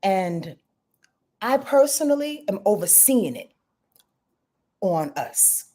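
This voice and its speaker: A woman's voice: mid-range voice, big pitch swings, takes it slowly, dark tone. A middle-aged woman astrologer talking frankly in a casual confessional vlog, rambling and swearing freely.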